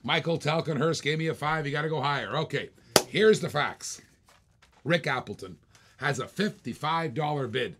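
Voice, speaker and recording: A man's voice: on the high side, expressive, normal speed, very noisy. A man hosting a live online auction, calling bids in playful, repetitive patter with jokes. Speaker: auctioneer and host.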